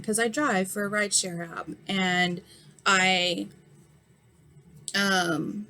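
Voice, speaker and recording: A woman's voice: mid-range voice, steady tone, takes it slowly, pauses often, bright, forceful tone, a little hiss or hum. A woman in her thirties with an injured, swollen eye, frankly retelling an incident in a casual vlog. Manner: frank, heated retelling with many fillers. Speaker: vlogger. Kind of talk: casual storytime monologue.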